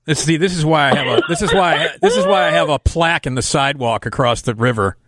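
A man's voice: a little high, fast, noisy background. A man hosting a radio talk show in casual chat, effusive and sentimental. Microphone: studio microphone.

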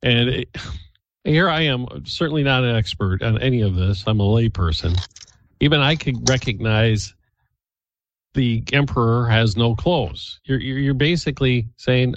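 A man hosting a radio talk show, speaking in a casual, animated way. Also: mid-range voice, normal speed, dry recording, lo-fi sound. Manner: animated, laughs easily. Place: radio studio.

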